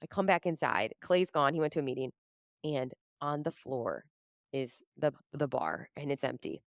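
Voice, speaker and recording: A woman guest on a podcast telling a story in casual chat, animated and laughing often as she acts out her own quotes. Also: a bass voice, normal speed, gravelly, dry recording, studio quality. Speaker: podcast guest, comedian and entrepreneur.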